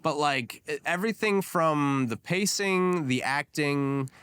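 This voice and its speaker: A man co-hosting a podcast in a casual, animated chat, emphatic and quick to jump in over the others. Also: a little high, clear, resonant tone. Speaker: podcast co-host.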